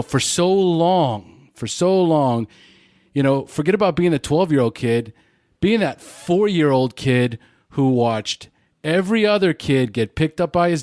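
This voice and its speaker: A man's voice: mid-range voice, a little mellow, dry recording, studio quality. A man hosting a podcast, asking questions in a casual, emphatic way with some swearing. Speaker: podcast host. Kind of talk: conversational interview.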